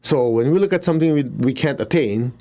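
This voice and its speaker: A man's voice: medium pitch, animated, a little fast, dark tone. Laughing, blunt male spiritual teacher. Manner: chatty, laughs often, blunt asides. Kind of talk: casual spoken teaching with invocation.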